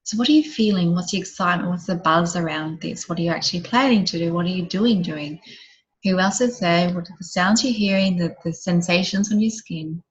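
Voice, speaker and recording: A woman leading an online group session, guiding listeners through a visualization with gentle questions that often drop soft and quiet. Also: on the low side, brisk, highs cut off. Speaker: program facilitator.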